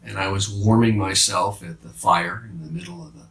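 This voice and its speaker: A man playing the apostle Peter as a remorseful fisherman, confessing haltingly in a dramatic monologue with many restarts. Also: lowish voice, animated, a bit bright. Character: remorseful male fisherman apostle, middle-aged, haunted by guilt. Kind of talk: dramatic first-person monologue. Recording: roomy sound from a distant mic.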